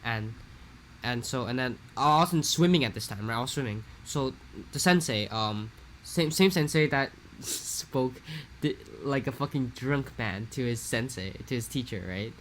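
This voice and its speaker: A young man from Hawaii, telling a rambling, animated story in a casual podcast chat. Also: mid-range voice, unhurried, slight background noise. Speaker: podcast co-host.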